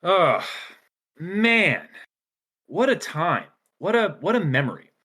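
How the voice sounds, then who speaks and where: Man putting on a higher, nostalgic fantasy character, upbeat and expansive, for an improvised podcast outro. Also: big pitch swings, slow pace, sharp tone, slightly rough, exaggerated voice. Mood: wistful.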